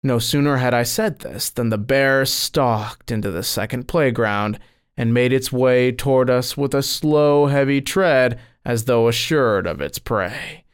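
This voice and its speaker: A man's voice: a little slow, clean tone. A man reading a first-person account of a saint's dream as scripted narration, telling it expressively. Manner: expressive storytelling, lifting pitch on quoted cries.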